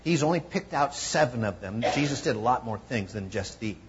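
Male pastor, mid-pitched, animated sermon delivery, dull lo-fi recording with faint room noise. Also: a little fast. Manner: conversational, animated, acts out quoted voices.

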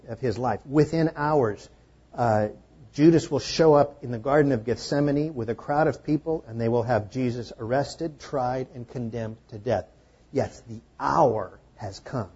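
Mellow, husky-voiced man preaching. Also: mid-range voice, normal speed, muffled recording. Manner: conversational, explanatory, gently humorous. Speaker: pastor. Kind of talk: sermon. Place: room with a congregation.

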